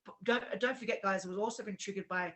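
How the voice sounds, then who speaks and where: A woman in a casual conversation, recounting a bad experience with lots of feeling and acting out what people said. Her voice is bright and forceful. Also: mid-range voice, fairly even intonation, fast. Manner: emotional storytelling, acts out quoted dialogue. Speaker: co-host. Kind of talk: casual chat.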